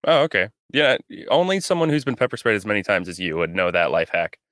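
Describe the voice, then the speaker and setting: A man's voice: lowish voice, quick pace, fairly bright tone, no room sound, clean studio sound. A young man co-hosting a podcast, telling a rambling, profane story in casual chat. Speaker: podcast co-host.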